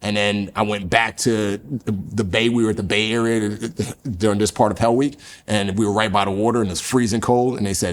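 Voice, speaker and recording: Man, podcast guest, ex-military trainee, low voice, earnest filler-heavy storytelling. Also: fairly even intonation, a little fast, hardly any pauses. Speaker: podcast guest, former Navy SEAL trainee. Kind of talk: casual storytelling.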